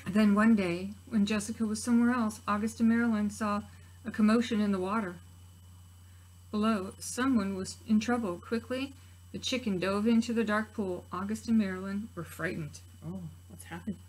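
A woman teacher reading a picture book aloud to preschool children, gently expressive with soft asides to her listeners. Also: mid-range voice, moderate pace, slight background noise, poor audio. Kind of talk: children's story read-aloud.

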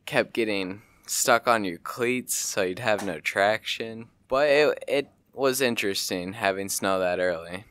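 A man's voice: lowish voice, a little slow, few pauses, fairly bright tone, a little hiss or hum. A teenage boy chatting as a podcast guest in an easygoing, matter-of-fact way. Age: teens. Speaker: guest, football player. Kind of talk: casual chat.

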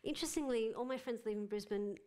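A woman's voice: a little high, fast, darkish tone. A woman, a filmmaker chatting eagerly and rambling a little on a live panel. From Australia. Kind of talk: panel discussion. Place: live gallery panel event.

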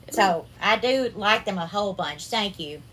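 A woman's voice: mid-range voice, very noisy. A woman with a Southern US accent hosting a casual cooking livestream, greeting viewers by name and calling them darling and sweetheart. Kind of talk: casual live-stream cooking chat.

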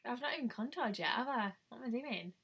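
A woman's voice: fairly high pitch, animated, quick pace, a bit bright, breathy edge. A young woman chatting casually on a live stream as a beauty vlogger, thinking aloud and exclaiming often. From United Kingdom.

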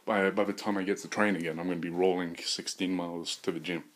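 A man rambling through a crude, joking solo monologue as a podcast host, swinging into loud bursts of mock bravado. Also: deep voice, fairly even intonation, quick pace, slight background noise.

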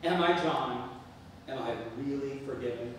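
A man's voice: medium pitch, measured pace, close to an everyday voice. A man voicing his melodramatic, demanding older mother in a theatrical, pleading manner. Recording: echoey hall, far mic, noisy.

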